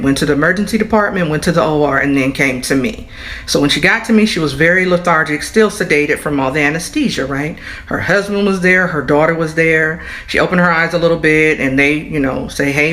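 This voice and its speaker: A woman who works as a nurse, telling a hospital story in an animated way and acting out the voices of the people in it. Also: low voice. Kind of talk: storytelling to camera.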